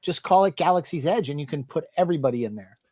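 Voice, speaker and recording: A man's voice: fairly high pitch, animated, fast, darkish tone. A man on a casual online panel, talking in a loose, laid-back way. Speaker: panel guest.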